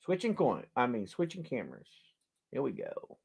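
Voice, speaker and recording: In a casual charity auction video, a man shows coins to viewers, chatting, joking and exclaiming with animated energy. His medium-pitched voice is husky with vocal fry, and he keeps a moderate pace.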